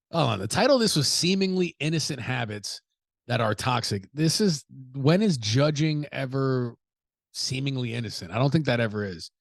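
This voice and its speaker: Blunt, profane man with a gravelly voice. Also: mid-range voice, no echo, studio quality. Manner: blunt, profane, animated asides with acted-out quotes. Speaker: podcast host. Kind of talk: casual solo podcast commentary.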